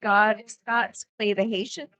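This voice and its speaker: A woman chatting casually as a guest co-commentator on a pool stream, telling relaxed stories. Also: mid-range voice, slow. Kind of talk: casual chat.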